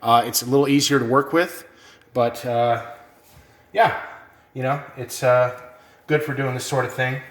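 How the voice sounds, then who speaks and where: A man giving a casual cooking demonstration, relaxed and rambling with plenty of fillers, a bit out of breath. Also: mid-range voice, unhurried, pauses often, echoey room. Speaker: cooking instructor.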